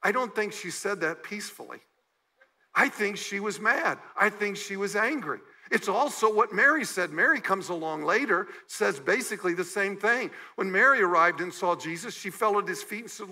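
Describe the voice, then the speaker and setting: A man's voice: high voice, lively intonation, moderate pace, sharp tone, rough recording. A man preaching a sermon as a guest pastor in a church, talking conversationally and acting out the emotional words of the people in his story. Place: church sanctuary.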